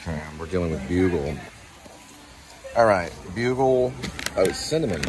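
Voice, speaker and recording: A man's voice: low-pitched, expressive, unhurried, background noise. A man hosting a vlog, chatting casually and rambling with joking asides while he samples food in a large store. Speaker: vlog host.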